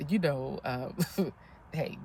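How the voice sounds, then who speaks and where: A woman in her fifties telling a story in a casual, animated vlog, often breathless and laughing as she talks. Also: extremely low pitch, a little hiss or hum. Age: 50s. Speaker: vlogger.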